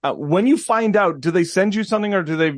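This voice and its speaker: A man co-hosting a podcast, asking interview questions in a playful, animated way. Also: sits high, quick pace. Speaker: podcast co-host.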